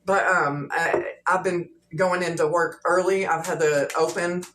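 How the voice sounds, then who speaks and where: This tarot reader has a voice on the low side, steady, unhurried and fairly bright. She chats loosely to her viewers through a casual reading, full of fillers and repetition, recorded in an echoey room with faint background noise.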